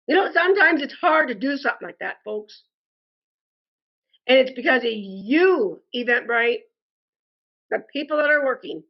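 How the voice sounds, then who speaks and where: A frustrated woman delivering an indignant complaint monologue, speaking deliberately and calling her listeners "folks". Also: high-pitched, animated, lo-fi sound. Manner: slow, deliberate and indignant, addresses viewers as "folks". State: frustrated and angry. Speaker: customer posting a complaint review.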